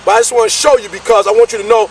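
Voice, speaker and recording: High gravelly man, energetic motivational preaching, distant mic, faint street noise. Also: racing. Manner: energetic, preachy, repetitive call-and-response. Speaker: motivational speaker. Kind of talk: motivational speech.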